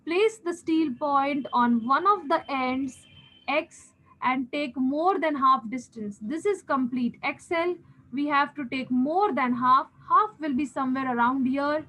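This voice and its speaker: A woman's voice: high voice, pushed and bright, poor audio. A woman with an Indian English accent, teaching a geometry lesson step by step, patiently repeating key steps and checking in with her students. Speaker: maths teacher.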